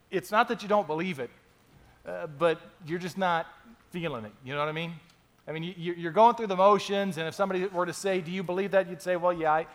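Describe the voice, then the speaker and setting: Chatty joking male pastor, higher voice. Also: a bit bright. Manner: conversational, joking, frequent restarts. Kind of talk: sermon. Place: church sanctuary.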